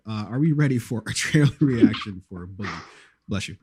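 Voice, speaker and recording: A man's voice: fairly low pitch, animated, a little fast, darkish tone, breathy edge, no echo. A man hosting a podcast in casual chat, hesitant and full of filler words, stumbling over names. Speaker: podcast host.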